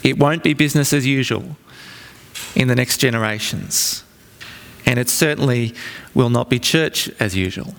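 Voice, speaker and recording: Preacher in a reverberant hall. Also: male voice, mid-range voice, gravelly, a bit bright. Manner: earnest, storytelling, with dramatic pauses. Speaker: pastor. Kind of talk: sermon. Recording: long reverb from a large hall.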